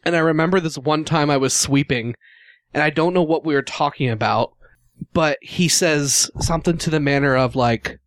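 A man's voice: mid-range voice, normal speed, no echo, studio quality. A man co-hosting a casual chat, telling stories with lots of laughs and acted-out quotes. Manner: animated, laughs often, acts out quotes.

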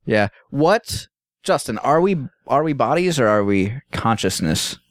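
A man's voice: medium pitch, a little slow, dry recording, clean studio sound. A man co-hosting a comedy podcast, riffing casually and acting out silly scenarios in different voices. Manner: animated, acts out scenarios in voices. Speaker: podcast co-host.

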